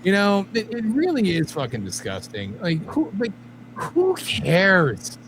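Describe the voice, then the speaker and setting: A man's voice: high-pitched, wildly swooping pitch, unhurried, background noise. A man co-hosting a podcast, ranting in crude, profane, mocking banter. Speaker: podcast co-host.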